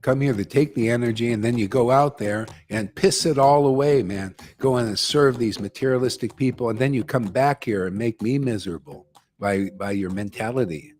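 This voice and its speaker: An older man speaks at normal speed in a medium-pitched, darkish voice. As a spiritual teacher leading a chanting gathering, he delivers a blunt, slangy devotional talk, ranting and addressing his listeners as "man."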